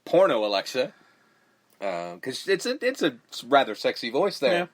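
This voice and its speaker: A man on a casual movie podcast, animated and loose, his pitch bouncing all over as he swears, laughs and throws himself into quoting scenes. He sits in an ordinary middle register and rarely stays flat for long. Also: moderate pace. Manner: animated, profane, acts out movie lines. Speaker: podcast co-host. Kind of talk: casual movie-review chat.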